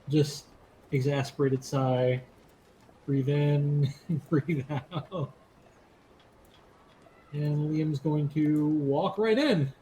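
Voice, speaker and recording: Guy playing a tabletop game in character, slow and fumbling, soft warm voice, bit of background hum. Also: on the high side, steady tone, low-quality recording. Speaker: player. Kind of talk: in-character role-play.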